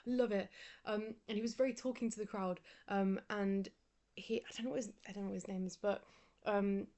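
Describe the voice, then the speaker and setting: A young woman vlogger chats casually, rambling sleepily, yawning, and often slipping into a whisper. Her voice is medium-pitched and dark-toned, with fairly even intonation and a fairly quick pace.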